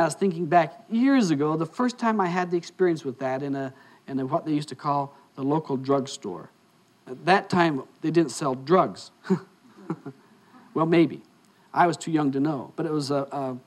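An older man telling a casual personal anecdote, acting out the dialogue as he goes. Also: a little high. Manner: anecdotal, acts out dialogue in quotes. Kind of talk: casual storytelling.

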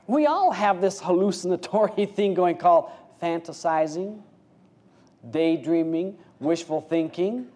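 A man preaching an informal sermon with a mellow, warm tone. His delivery is folksy and conversational, full of rhetorical questions. He drops into hushed, low stretches and then rises to louder, livelier bursts. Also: animated, a little slow. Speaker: spiritual teacher.

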